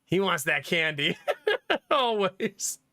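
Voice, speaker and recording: A man's voice: high voice, very animated, takes it slowly, pushed and bright, dry recording. A young man casually telling family stories to his stream chat, laughing often as he goes. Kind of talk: casual storytelling to live chat.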